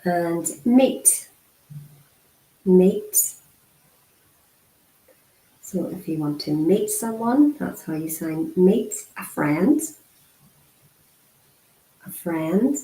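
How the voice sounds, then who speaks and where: Woman, lowish voice, unhurried lesson delivery with repeated words, roomy echo. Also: lively intonation, mellow. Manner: slow and measured, repeating single words with pauses; frequent throat clearing and fillers. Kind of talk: interpreted beginner lesson, spoken aloud.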